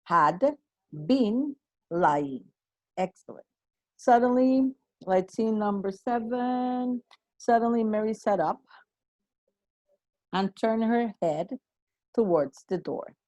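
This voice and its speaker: Bilingual woman teacher, slow and dry. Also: fairly high pitch, warm tone, no room sound. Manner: switches between English and Spanish, encouraging; praises students by name. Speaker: English teacher. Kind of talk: online class teaching.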